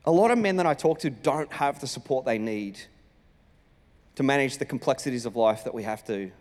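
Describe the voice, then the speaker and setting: A man, a senior pastor telling a personal story in a sermon with lively, animated delivery. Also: mid-range voice, brisk. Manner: animated storytelling, acting out his own lines. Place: church auditorium. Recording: reverberant church hall.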